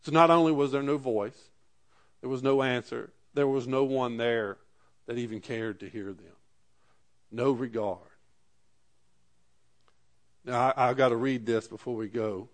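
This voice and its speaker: A man's voice: medium pitch, fairly even intonation, a little slow, long pauses. A pastor preaching a sermon, reading scripture aloud and then driving his points home with rising emphasis.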